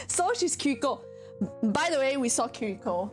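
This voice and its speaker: A woman's voice: high voice, a little slow, long pauses, soft background music. A woman streamer chatting casually with her viewers, telling stories with lots of giggling. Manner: giggly, animated storytelling with frequent laughter.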